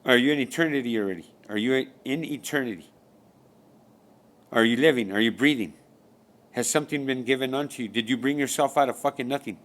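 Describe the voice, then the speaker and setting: Fairly quick and somewhat bright in tone, a medium-pitched male voice runs through a rambling spiritual monologue. The speaker curses often and keeps firing rhetorical questions, repeating them.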